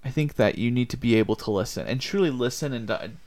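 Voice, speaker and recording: A man's voice: medium pitch, animated, quick pace, darkish tone. Earnest young man, casual podcast chat. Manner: earnest, rambling, acts out quoted lines. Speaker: podcast co-host.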